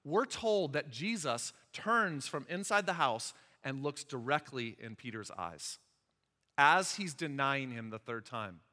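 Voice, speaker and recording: A man preaching a sermon as pastor, animated and asking the listeners questions. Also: medium pitch, unhurried. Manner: animated, asks the audience questions. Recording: long hall reverb.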